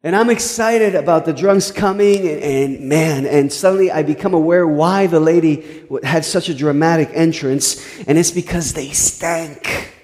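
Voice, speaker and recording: A man's voice: on the high side, normal speed, few pauses, a little mellow, in a large hall. A male pastor telling a story in a sermon, earnest, with frequent stumbling restarts.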